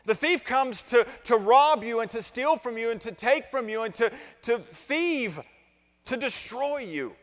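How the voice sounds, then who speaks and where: Slow-preaching pastor in an echoing hall. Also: male voice, extremely high pitch, animated. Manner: deliberate, building to emphatic preaching; asks the congregation to repeat and answer. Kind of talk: sermon. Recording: long reverb of a large hall.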